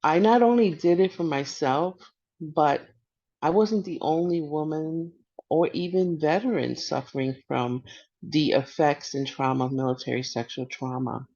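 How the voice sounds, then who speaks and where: A woman's voice: deep voice, darkish tone. Hesitant middle-aged woman, muffled audio. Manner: halting, hesitant, with many restarts. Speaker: veteran panelist and peer support worker. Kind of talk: personal testimony on a panel.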